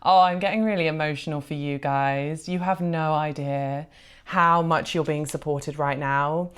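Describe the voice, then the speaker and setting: A woman giving a gentle, reassuring pick-a-card tarot reading, heartfelt and full of soft fillers. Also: deep voice, fairly even intonation, normal speed, clean tone. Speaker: tarot reader.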